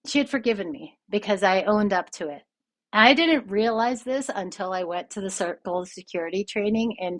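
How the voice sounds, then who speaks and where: Woman, podcast host and coach, candid and reflective, mid-pitched personal storytelling. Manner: candid, reflective, self-critical.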